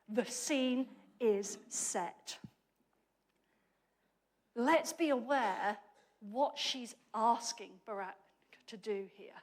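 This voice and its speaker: Delivering a sermon, a high-voiced woman keeps things lively and chatty with plenty of humor. Mid-phrase breaks are common as she restarts and fixes what she's saying.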